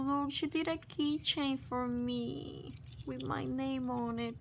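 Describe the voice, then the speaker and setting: Woman vlogger, effusive and exclamatory, slightly high voice, unhurried delivery, noisy home recording. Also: steady tone, gravelly. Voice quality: gushing, exclamatory. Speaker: craft vlogger opening mail. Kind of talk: casual unboxing chat. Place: at home by her desk. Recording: noisy background hiss.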